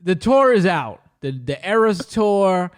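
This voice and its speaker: A man's voice: sits high, sing-song, slow pace, smooth. A man hosting a podcast, chatting casually and telling stories with jokes and cursing. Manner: joking storyteller who swears freely. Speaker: podcast host.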